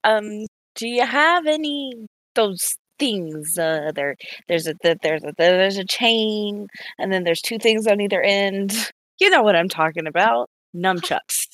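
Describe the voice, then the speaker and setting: A woman's voice: mid-range voice, animated, unhurried, a bit bright, no room sound. A woman playing in a tabletop game, hesitant and giggly, often trailing off into laughs. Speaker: player. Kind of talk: tabletop role-play.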